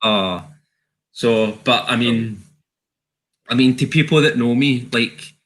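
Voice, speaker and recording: A man with a Glasgow accent, chatting as a guest in a halting, repetitive way. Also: mid-range voice, fairly bright tone. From Scotland. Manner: halting, repeats himself, chatty. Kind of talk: casual chat.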